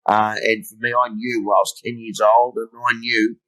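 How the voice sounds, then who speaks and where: A man's voice: lowish voice, flat delivery, moderate pace, pushed and bright, rough recording. A middle-aged man, a motivational speaker, telling blunt, humorous stories in an interview and swearing freely. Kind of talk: storytelling interview.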